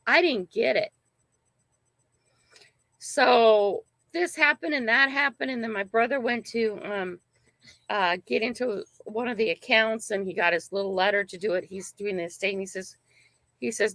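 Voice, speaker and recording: A woman's voice: medium pitch, normal speed, gravelly, fairly bright tone, no room sound. An older woman hosting a casual livestream, telling a family story in a rambling, emphatic way and often checking in with "right?". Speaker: channel host.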